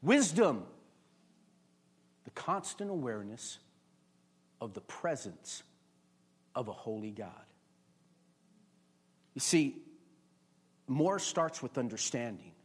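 A man pastor preaching a sermon to a congregation, chatty and conversational, building to loud emphatic peaks. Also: mid-range voice, sing-song, takes it slowly, long pauses, breathy edge. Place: church before a congregation.

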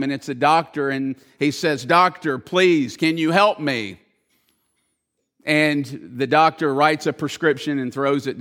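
Male pastor preaching a sermon, earnest and emphatic, fairly high voice, slow unhurried delivery. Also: fairly bright tone.

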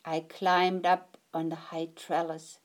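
A woman reading a picture book aloud in a gentle, expressive storytelling manner. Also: fairly low pitch, takes it slowly.

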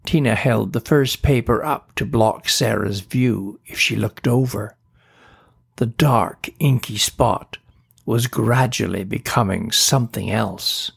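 Slow gravelly storybook narrator, a man. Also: lowish voice. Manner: slow, steady reading. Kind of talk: storybook reading.

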